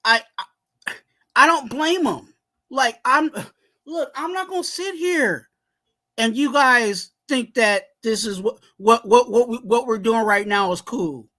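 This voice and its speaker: A man co-hosting a live sports fan stream, talking in a heated rant and yelling at times. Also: extremely high pitch, takes it slowly. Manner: heated, ranting, yells at times. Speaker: co-host of a sports fan livestream.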